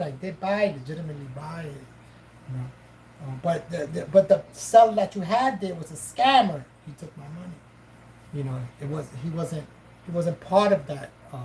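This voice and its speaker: Speaking in a fairly low pitch, a woman streams live and spins a casual tale, cursing liberally and playing both roles in the exchange with lively energy. There's slight background noise, and the recording quality is low.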